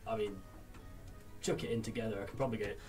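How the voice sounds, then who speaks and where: A man's voice: lowish voice, fairly even intonation, fast talker. A man running a tabletop game as game master, loose and full of fillers, voicing a blacksmith. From England. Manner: loose, filler-heavy narration, laughs easily. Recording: distant mic with background music.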